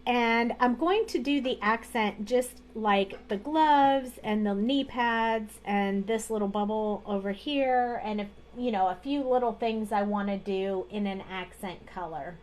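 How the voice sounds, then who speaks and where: A woman's voice: medium pitch, measured pace, few pauses, darkish tone. A woman hosting a live card-making tutorial, chatting casually as she talks through each coloring step at her craft desk.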